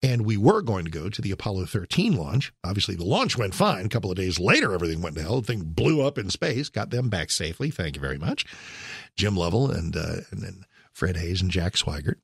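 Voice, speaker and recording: A man's voice: low voice, sing-song, a little fast, creaky, slightly rough, dry recording, clean studio sound. A man in his sixties, a radio host, telling a rambling personal story with wry asides and self-corrections. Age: 60s. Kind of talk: talk radio monologue, personal reminiscence.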